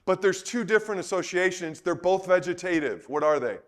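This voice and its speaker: High-voiced animated male preacher. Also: brisk. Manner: animated, rhetorical questions, swings between soft and loud; conversational, repeats words. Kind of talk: sermon.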